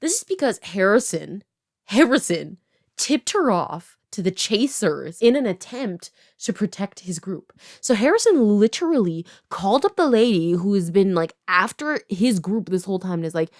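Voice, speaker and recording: A woman in her twenties from Canada, casually recapping a story in a chatty way full of fillers, briefly quoting characters as she goes. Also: medium pitch. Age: 20s. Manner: chatty, filler-heavy, lots of "like"; animated, quoting characters in quick voices. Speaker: writer and video creator.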